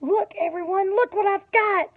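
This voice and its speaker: An eager little schoolgirl from a storybook, high and bubbly, as a woman reads her aloud. She bursts with excitement and drops to fierce whispers. The sound is tinny and narrow, like a phone line. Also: takes it slowly. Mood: excited.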